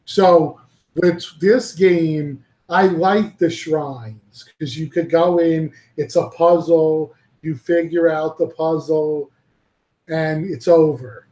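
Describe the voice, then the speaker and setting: A man hosts a loose panel chat in a slightly high voice, rambling and cursing freely. His voice bounces around an echoey room. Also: fairly even intonation, takes it slowly, mellow. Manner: rambling and profane, laughing easily. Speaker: podcast host.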